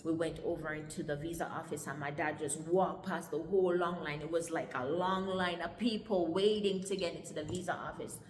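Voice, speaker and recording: Low-voiced Jamaican woman telling her story. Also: steady tone, slight background noise. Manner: halting, conversational retelling. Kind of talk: personal life story. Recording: echoey room with long reverb.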